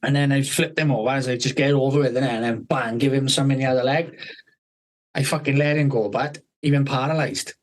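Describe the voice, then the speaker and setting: A man's voice: medium pitch, brisk, low-quality recording. Sweary man telling a story. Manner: swears constantly, rambling and animated, laughs mid-story. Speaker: podcast host. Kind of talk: casual storytelling chat.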